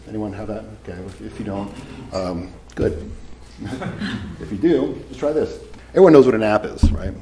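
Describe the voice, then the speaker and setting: A man's voice: on the low side, a little fast, reverberant, background noise. A man giving a live seminar talk to an audience, casual and profane, telling stories as he goes. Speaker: seminar speaker.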